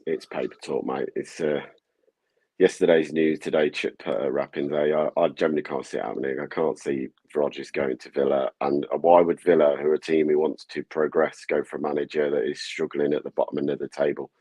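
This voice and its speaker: A man's voice: very deep voice, little pitch movement, fairly quick, warm tone, breathy edge, dry recording. A man, a guest fan joining by video call, talking football in a blunt, matey way. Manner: blunt, matey, says "mate" often. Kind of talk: casual football chat.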